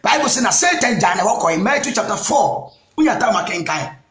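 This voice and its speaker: Ghanaian evangelist, very high voice, preaching with bursts of shouting; roomy echo. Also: male voice, very animated, brisk. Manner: emphatic, punctuates with "Amen", bursts into shouts. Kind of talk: sermon mixing Twi and English.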